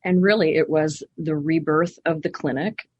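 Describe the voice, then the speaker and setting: A woman's voice: low-pitched, moderate pace, slightly rough, no room sound, muffled recording. A middle-aged woman from Canada, a guest on a podcast, animatedly telling stories and acting out the voices she quotes. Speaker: podcast guest, clinic owner. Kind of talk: casual interview storytelling.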